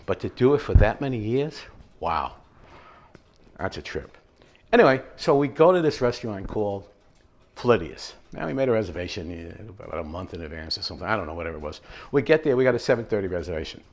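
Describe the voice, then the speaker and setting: A man hosting a home cooking show, chatting in a rambling, relaxed way as he tells stories while he cooks. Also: on the low side, fast talker. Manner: relaxed, mellow. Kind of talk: casual cooking demonstration with anecdotes.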